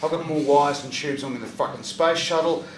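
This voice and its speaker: A man telling a profane stand-up story, breaking into loud shouts at punchlines. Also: a little high, a little fast. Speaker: stand-up comedian. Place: comedy venue stage, audience laughter. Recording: echoey live venue from far off.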